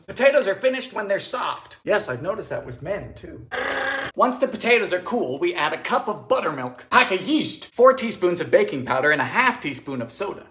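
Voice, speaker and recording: A man hosting a baking video, narrating in a theatrical, sardonic way with sudden high-pitched exclamations, in a home kitchen. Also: fairly bright tone. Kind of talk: comedic cooking narration. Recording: echoey room sound.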